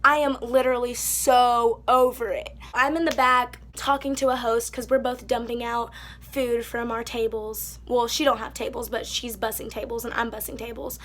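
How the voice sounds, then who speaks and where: A young woman with a high voice tells a storytime vlog into her phone. She is sassy and animated, slipping into mocking voices as she quotes people. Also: moderate pace, slight background noise. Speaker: vlogger. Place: indoors by a wall.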